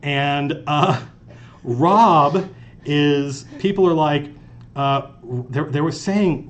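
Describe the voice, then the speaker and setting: With a slightly high voice, a man speaks very slowly while hosting a live stream in an office conference room as game master. He wears a lapel mic and tells casual, animated, rambling stories, restarting often.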